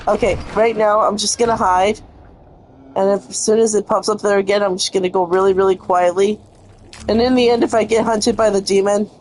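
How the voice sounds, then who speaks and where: Cursing frustrated woman gamer. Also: medium pitch. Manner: frustrated, cursing, talks to the game. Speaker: gaming streamer. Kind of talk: live gameplay commentary.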